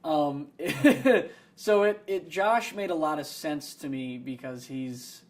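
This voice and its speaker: A man's voice: fairly high pitch, slow pace. A young adult man, an actor, talking in a behind-the-scenes interview in a rambling, self-deprecating way with many fillers.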